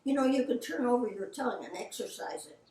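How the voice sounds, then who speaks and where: A woman's voice: fairly high pitch, animated, fast talker, dark tone. Older woman telling stories, roomy and distant. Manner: chatty anecdotal, quotes people in her stories. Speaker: voice actress. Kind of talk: casual storytelling.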